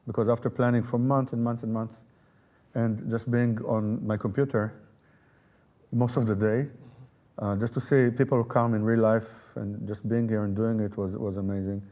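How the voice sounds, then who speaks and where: Mellow-voiced male festival director. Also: on the low side, flat delivery, normal speed. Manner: thoughtful, with frequent fillers and repeated words. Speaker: festival artistic director and pianist. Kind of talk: interview answers.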